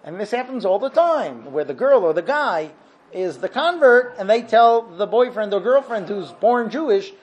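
A man giving an animated religious lesson, retelling a story and acting out the characters' lines. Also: sits high, normal speed. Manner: lively, acts out quotes in voices. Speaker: teacher giving a religious talk.

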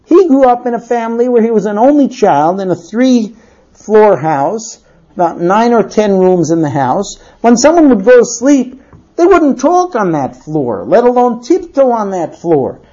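Husky woman telling a lively story. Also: mid-range voice, unhurried. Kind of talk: storytelling talk. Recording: dull lo-fi recording.

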